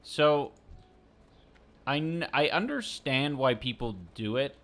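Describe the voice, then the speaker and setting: A young man streaming a game, chatting casually and thinking aloud in a slow, halting way. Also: medium pitch, lively intonation, a bit bright, slight background noise. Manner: slow, halting, many fillers and restarts. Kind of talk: casual chat while gaming.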